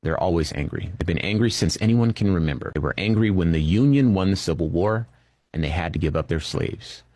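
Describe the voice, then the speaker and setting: A man giving political commentary on a reaction channel, measured and thoughtful, pausing and restarting as he thinks. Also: sits low, lively intonation, a little mellow, dry recording, studio quality.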